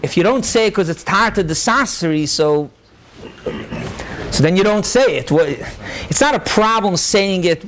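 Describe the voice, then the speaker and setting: A male rabbi giving a halachic lecture to a live audience. He explains briskly, quotes sources, answers questions and mixes many Hebrew and Yiddish terms into his English. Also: high-pitched, animated, fairly bright tone, slight background noise. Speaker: rabbi teaching a class.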